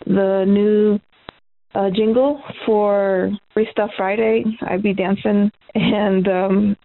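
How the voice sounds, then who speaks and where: Woman caller from Arkansas, mid pitch, rambling and casual, dry phone-line sound. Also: no room sound. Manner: relaxed, rambling with fillers. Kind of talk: voicemail message.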